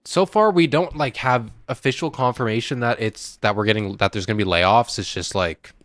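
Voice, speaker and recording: A man's voice: medium pitch, moderate pace, fairly bright tone, no room sound, clean studio sound. A young man streaming a game and chatting casually with viewers, sighing and emotional, on the verge of tears. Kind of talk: casual live-stream chat.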